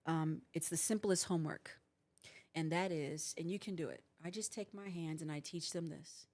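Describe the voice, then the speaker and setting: Earnest woman coaching couples, lowish voice. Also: normal speed, darkish tone. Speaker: host and counselor. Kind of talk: livestream advice talk.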